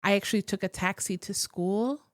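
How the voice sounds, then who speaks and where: Her voice mid-range and free of echo, a psychic and teacher appearing as an interview guest recounts something personal in a relaxed conversation, halting and restarting as she comes close to crying.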